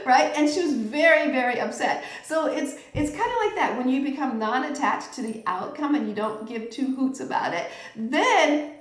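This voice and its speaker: A middle-aged woman teaching a tarot class in a relaxed, chatty way, often checking in with her listeners. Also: sits high, normal speed. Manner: chatty, checks in with "okay?" and "right?". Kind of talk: informal teaching talk. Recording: echoey room.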